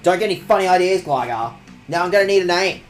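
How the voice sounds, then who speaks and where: A man's voice: sits high, lively intonation, quick pace, faint music behind. A young man streaming a video game, swearing and mock-outraged as he reads the game text aloud and talks to chat. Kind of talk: casual let's-play commentary.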